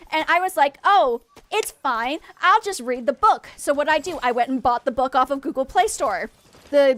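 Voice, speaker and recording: A young woman from Maine streaming a game, chatting with viewers in an excitable, rambling, easily distracted way. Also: sits high. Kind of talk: casual livestream chat with viewers.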